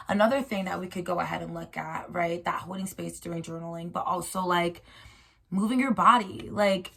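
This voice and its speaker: A woman's voice: lowish voice, gravelly, fairly bright tone. A woman hosting a casual solo chat about spirituality, rambling and playful, with slangy, encouraging talk to her listeners. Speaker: host.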